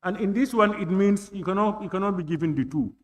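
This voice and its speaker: A man chairing a parliamentary committee, reading clauses deliberately and putting questions to the vote. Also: high-pitched, a little hiss or hum. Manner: deliberate, reads clauses slowly and puts questions. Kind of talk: formal procedural chairing. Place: legislative chamber.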